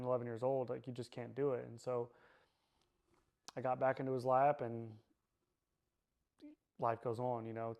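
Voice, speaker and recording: A man telling his own story in a personal testimony, quiet and subdued, halting and searching for words with many fillers. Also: mid-range voice, vocal fry. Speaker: survivor sharing his story.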